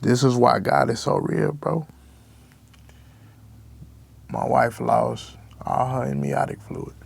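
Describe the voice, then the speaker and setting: A man's voice: mid-range voice, steady tone, takes it slowly, vocal fry, a little mellow, breathy edge. A young man, a rapper guest, talking candidly and emotionally in slang-heavy speech. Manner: raw, emotional, slangy with constant "bro". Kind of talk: candid interview talk.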